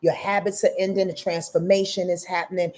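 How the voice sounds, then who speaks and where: A woman's voice: lowish voice, flat delivery, brisk, a little mellow. A woman hosting a live astrology stream, talking to viewers in an emphatic, casual and profane way. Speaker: astrology reader and host.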